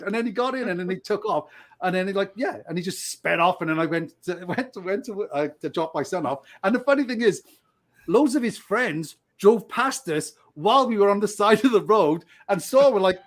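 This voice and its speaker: Guy telling a wild story on a podcast, high voice that swings all over, keeps laughing. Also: fairly quick. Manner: animated, acts out quoted voices, laughs often. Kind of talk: casual storytelling.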